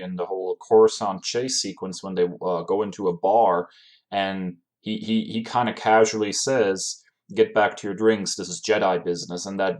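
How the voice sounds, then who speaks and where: A man's voice: lowish voice, a little mellow. A man co-hosting a podcast, agreeing and building on points in a casual way with small hesitations. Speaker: podcast co-host. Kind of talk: casual film discussion.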